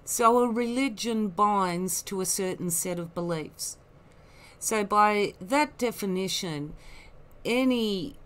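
A woman giving rambling, critical commentary, full of asides and scorn. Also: mid-range voice. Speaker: online commentator.

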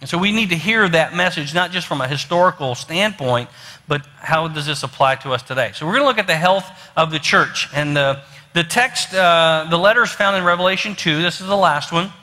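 A man's voice: a little high, brisk, pushed and bright. A man with a West Virginian accent preaching a sermon as pastor, folksy and storytelling, with many fillers and restarts. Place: church sanctuary. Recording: long hall reverb.

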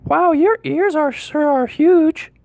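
A woman's voice: sits high, takes it slowly, vocal fry, a little mellow, no echo, exaggerated voice. Little Red, a woman doing a chirpy young girl. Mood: curious. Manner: chirpy, sing-song humming.

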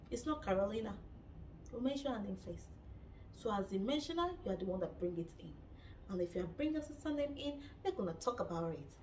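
Nigerian woman vlogger, high-pitched and animated, recorded a little off-mic. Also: recorded from a distance, slight background noise. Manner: animated, dramatic, laughs often. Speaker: reality-show reviewer. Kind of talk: casual gossip commentary.

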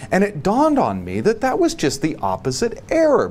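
A man giving a long spoken answer in a book study, emphatic and repetitive, dropping quiet and low on solemn points. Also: wildly swooping pitch, moderate pace, hardly any pauses. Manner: emphatic, repeats key phrases, many restarts.

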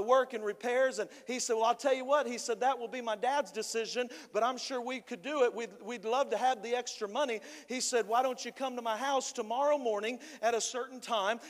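A man preaching a sermon, telling a folksy story in an animated way, with frequent repeats and restarts. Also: extremely high pitch. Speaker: pastor. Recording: long church hall reverb.

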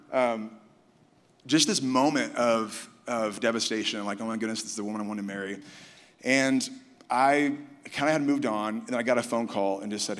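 A man's voice: lowish voice, fairly bright tone. A man giving a personal testimony on stage at a conference. He tells it as an earnest story and acts out the people he quotes. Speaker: conference speaker sharing a testimony. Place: large conference hall. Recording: long hall reverb from a live conference.

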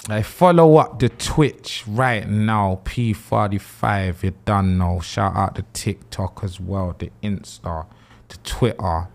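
A man's voice: lowish voice, takes it slowly, gravelly. A young man, brash and trash-talking, swearing freely as he plays and comments on a football video game live. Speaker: streamer.

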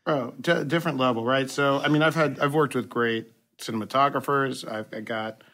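Animated film director chatting as guest. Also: male voice, mid-range voice, moderate pace. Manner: animated, swears casually, says "bro". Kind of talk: casual chat.

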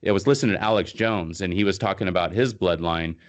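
A man hosting a podcast interview, telling a personal story in a casual, animated way. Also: low voice, fast. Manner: animated storyteller, acts out quotes, laughs. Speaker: podcast host.

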